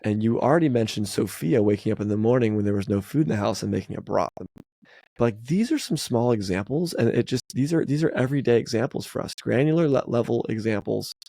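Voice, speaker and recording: A man co-hosting a casual family podcast, talking animatedly and jumping up in pitch when he acts out other people's lines. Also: quick pace, gravelly, no room sound, clean studio sound. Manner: animated, acts out quotes with big pitch jumps. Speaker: podcast co-host.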